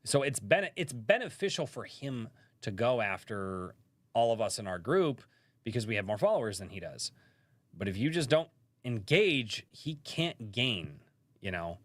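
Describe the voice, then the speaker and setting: Male stream host, casual and rambling, mid pitch, dry room. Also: sing-song, a little slow, fairly bright tone, no echo. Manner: rambling, full of fillers and restarts. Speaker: live-stream podcast host. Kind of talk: casual live-stream chat. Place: rural home.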